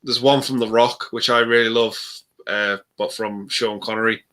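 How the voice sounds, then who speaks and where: Man with a bright, forceful voice. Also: lowish voice, fairly even intonation, moderate pace. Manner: easygoing, agreeing often. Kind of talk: casual chat.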